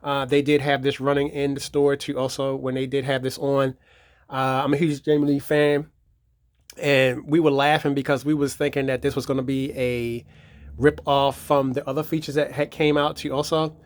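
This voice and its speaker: A man's voice: mid-range voice, little pitch movement, normal speed, dry recording. A man giving a casual, rambling show-and-tell of his movie collection, repeating himself and leaning on fillers. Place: home theater room.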